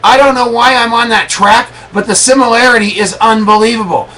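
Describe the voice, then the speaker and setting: Middle-aged guy giving a pep talk, high bright voice, hammering every point home. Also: brisk, hardly any pauses, low-quality recording. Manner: emphatic, preachy, repeats lines for effect. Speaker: network marketing leader hosting a motivational call.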